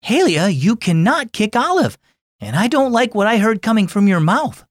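A man doing a gently firm mom. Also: sits high, very animated, normal speed, no room sound, clean studio sound, voice pushed up. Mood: stern. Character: calm, gently firm mother.

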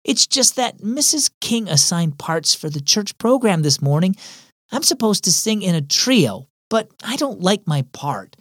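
A man's voice: sits high, very animated, unhurried, no echo, studio quality, full character voice. A man voicing a young girl who sulks about her boring choir part, with a whiny, pouting manner. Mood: sulky.

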